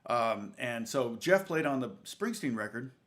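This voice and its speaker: Male guitar teacher, mid-pitched voice, loose anecdotal delivery, stops often to correct himself. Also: expressive, unhurried, a bit bright. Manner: rambling, self-correcting, chuckling anecdote. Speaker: guitar teacher and channel host. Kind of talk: casual storytelling in a lesson.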